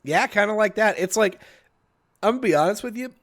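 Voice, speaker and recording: A man co-hosting a casual podcast, talking in a loose, rambling way and leaning on fillers as he tells a story. His voice moves through a lively pitch range, rising and dipping as he gets into it. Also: fairly quick. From Cajun family, mother from Louisiana. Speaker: podcast co-host. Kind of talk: casual chat.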